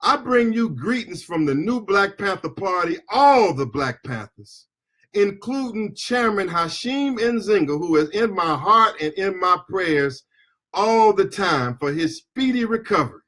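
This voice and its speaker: Speaking at a measured pace in a high, expressive voice, a middle-aged American attorney and activist delivers a fiery political speech. He grows impassioned enough to shout at the peaks and leads call-and-response chants.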